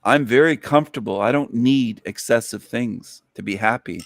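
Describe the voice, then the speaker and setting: A man's voice: medium pitch, moderate pace, no echo, clean studio sound. A man hosting a solo podcast, ranting with sarcasm and repeating phrases for emphasis. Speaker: host.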